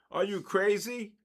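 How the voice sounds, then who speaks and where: An older man hosting a livestream, chatting casually with viewers and reacting with animated, jokingly outraged exclamations. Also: high voice. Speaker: livestream trading host. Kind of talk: casual chat reading viewer comments.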